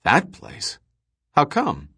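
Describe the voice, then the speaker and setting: A man voicing a curious, blunt young male space trader who fires off quick, surprised questions. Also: fairly high pitch, wildly swooping pitch, pushed and bright, breathy edge, voice pushed up, exaggerated voice.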